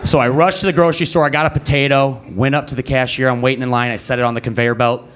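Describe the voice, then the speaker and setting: Young man, stand-up comic, animated storyteller, voice leaping high for characters, live club set. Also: fast, background noise. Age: young adult. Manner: animated storyteller who jumps high to act out other people. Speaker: stand-up comedian. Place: comedy club stage. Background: live audience.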